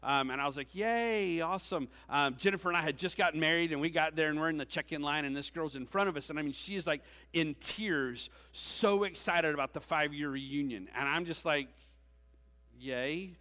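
A man's voice: fairly high pitch, fairly quick, few pauses, sharp tone. A man in his forties, a youth pastor giving a conversational sermon with joking asides to the congregation. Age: 40s. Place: church sanctuary. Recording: long reverb of a church hall.

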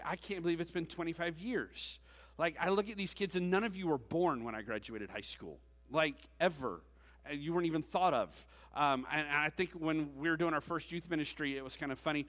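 A man in his forties with a fairly high, fairly bright voice preaches as a youth pastor. The sermon is conversational, with joking asides to the congregation, and the church sanctuary adds long hall reverb.

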